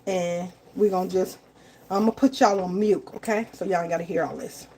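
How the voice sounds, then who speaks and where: A woman's voice: fairly low pitch, fairly even intonation, fairly quick, mellow, a little hiss or hum. Chatty woman cooking live. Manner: chatty, repeats herself, keeps addressing viewers as y'all. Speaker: home cook livestreaming. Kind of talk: casual live cooking stream. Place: home kitchen.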